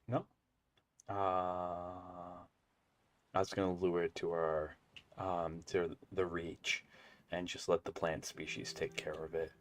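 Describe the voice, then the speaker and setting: A young man with a very low voice talks casually through a game stream, making chatty jokes to his viewers. Faint music plays underneath him. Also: level tone, unhurried. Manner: chatty, joking asides to viewers. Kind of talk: casual gameplay commentary.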